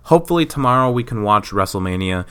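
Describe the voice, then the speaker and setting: A man hosts his own podcast alone, ranting in a loose, sarcastic, profane way. His voice sits a little low but sounds bright and crisp, with a clean, smooth tone. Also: expressive, fast. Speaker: podcast host. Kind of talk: casual solo rant.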